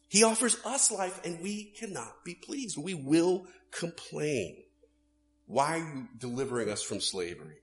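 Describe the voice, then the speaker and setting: Man, pastor, sermon, animated delivery, wide pitch swings, loud emphasis and hushed asides, faint background hum.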